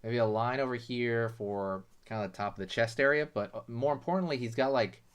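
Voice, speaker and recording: A drawing tutorial host with a mid-range, clear, resonant voice walks through each step fairly quickly and casually. His talk is relaxed and chatty, sprinkled with plenty of "you know" and "right."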